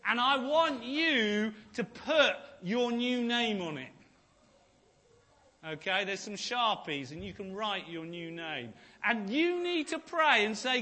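A man delivers a sermon from the pulpit in a bright, clear voice. He speaks slowly and with weight, dropping to near-whispers, then rising to ringing shouts. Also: sits high, animated. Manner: preaching with dramatic swings from hushed to shouted; slow, emphatic delivery. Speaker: pastor.

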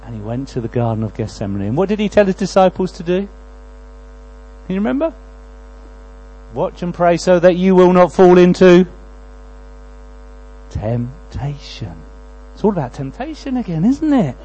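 A man preaching a sermon, moving between quiet prayerful lines and loud, pleading passages. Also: high voice, big pitch swings, moderate pace, long pauses, slightly rough, low-quality recording.

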